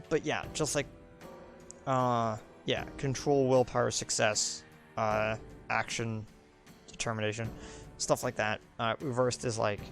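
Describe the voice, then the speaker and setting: A young man streams a video game and rambles through casual commentary, filling his speech with ums and likes. His voice has a gravelly, fry-heavy edge. Faint game music plays underneath. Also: mid-range voice.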